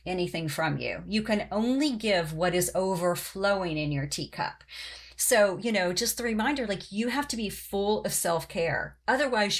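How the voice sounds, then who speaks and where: A middle-aged woman from Oklahoma hosting her podcast in a casual, rambling chat, often pausing on "um" and "you know". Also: on the low side, vocal fry, fairly bright tone. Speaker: podcast host.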